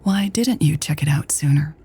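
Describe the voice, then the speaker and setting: A woman voicing a calm, affectionate woman who talks in a low, easy, gently teasing way. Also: moderate pace, vocal fry, slightly rough. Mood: easygoing.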